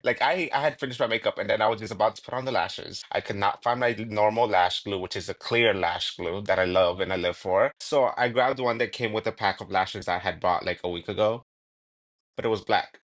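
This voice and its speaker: A male podcast co-host with a somewhat low voice. He rambles through anecdotes, restarting sentences and swearing casually. The delivery is relaxed and conversational. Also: a little fast.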